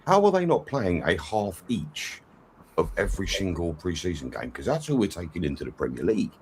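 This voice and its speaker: A man appearing as a guest on a football fan livestream, talking in an animated, fired-up ranting manner. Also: low voice, a little fast, a little hiss or hum. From England. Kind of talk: casual chat.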